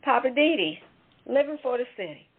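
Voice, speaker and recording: A woman's voice: high-pitched, very animated, moderate pace, background noise. A woman co-hosting a talk show, giving an emphatic, indignant commentary. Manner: emphatic, indignant, conversational with asides. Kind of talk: opinion commentary segment. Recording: tinny phone-line audio.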